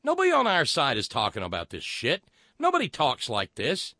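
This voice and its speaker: A man's voice: on the high side, huge pitch swings, fairly quick, pushed and bright, no echo, studio quality. A man hosting a political commentary show, sarcastic and mocking as he reacts to clips.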